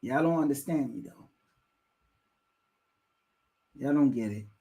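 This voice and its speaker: Slow, preachy reaction streamer. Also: male voice, medium pitch, mellow. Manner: preachy, repeats himself to drive points home. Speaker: live stream commentator. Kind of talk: reaction commentary on a clip.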